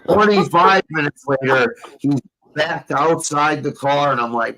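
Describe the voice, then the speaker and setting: A man's voice: fairly high pitch, unhurried, bright, forceful tone, poor audio. A young man hosting a casual talk show, telling a rambling story full of profanity and street slang. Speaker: podcast host.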